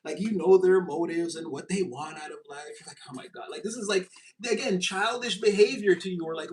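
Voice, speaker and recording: A high-pitched man talks his way through a tarot reading to camera. He is animated and loose, laughing often and jumping into mocking voices. His delivery stays casual and chatty. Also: fairly quick, poor audio. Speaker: tarot reader.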